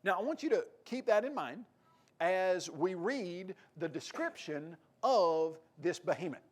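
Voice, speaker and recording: A man with a Tennessee accent preaching a sermon, acting out quoted lines with a raised, animated delivery. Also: sits high, unhurried.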